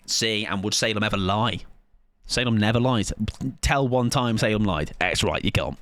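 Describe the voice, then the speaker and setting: A man's voice: fairly low pitch, moderate pace, fairly bright tone, no echo. A man, chatting casually with viewers as a game streamer in a playful, rambling, self-mocking way.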